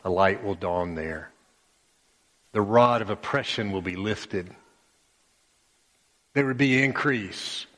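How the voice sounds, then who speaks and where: A man's voice: fairly low pitch, slow, long pauses, a bit bright, in a large hall. A male pastor preaching a sermon with emphatic, dramatic storytelling.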